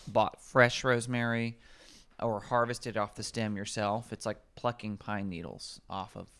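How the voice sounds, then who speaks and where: A man's voice: on the low side, steady tone, measured pace, fairly bright tone, smooth. A man, a nutrition coach, explaining herbs in casual podcast conversation, rambling and correcting himself as he goes.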